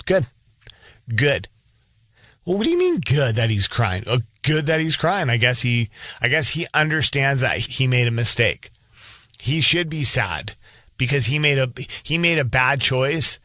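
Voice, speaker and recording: A teacher in his thirties speaks his mind in a loose, rambling monologue, often restarting his thoughts. His voice sits at an ordinary middle pitch. The sound is dry and close, with no room around it. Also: very animated, normal speed, a bit bright, no room sound. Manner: candid, rambling, frequent restarts. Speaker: elementary school teacher. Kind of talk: casual opinion monologue.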